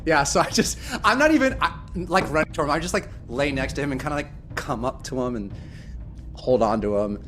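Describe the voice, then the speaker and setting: A man playing a tabletop game, giggly and animated, acting out little bits. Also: fairly high pitch, a little fast, a little hiss or hum. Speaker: player. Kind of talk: casual tabletop play.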